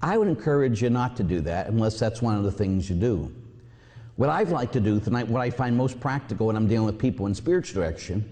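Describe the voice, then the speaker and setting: A man preaching in a big space whose reverb trails after every phrase. His voice is mellow and low in brightness, yet he swings his pitch widely as he tells stories and acts out little voices. It sounds like a Catholic priest's sermon. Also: fast. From Pittsburgh area. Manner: animated storytelling, acts out voices. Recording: long hall reverb.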